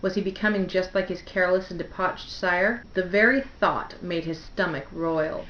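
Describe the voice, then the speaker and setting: A woman reading the opening of a novel aloud in a measured, expressive way. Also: fairly low pitch, slight background noise. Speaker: book reader. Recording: roomy, dull lo-fi home recording.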